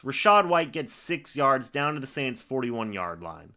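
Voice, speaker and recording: A man's voice: mid-range voice, sing-song, a little slow, hardly any pauses, pushed and bright. A man on a live stream calling each play and ranting in angry exasperation at the referees. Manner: reads plays aloud like commentary. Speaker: sports reaction streamer.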